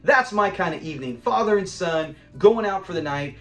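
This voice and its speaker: A middle-aged man reviewing a classic sitcom episode in a loose, animated way. His voice sits high for a man, and he laughs easily while acting out lines. Faint music runs underneath. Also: normal speed. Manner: animated, laughs often, acts out quotes. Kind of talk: casual commentary.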